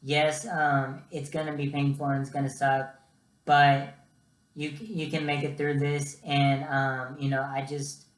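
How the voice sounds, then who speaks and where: A man's voice: medium pitch, little pitch movement, a little slow. Chatty young man in an echoey room. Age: young adult. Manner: chatty, keeps addressing viewers as guys. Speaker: vlogger. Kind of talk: casual storytelling vlog.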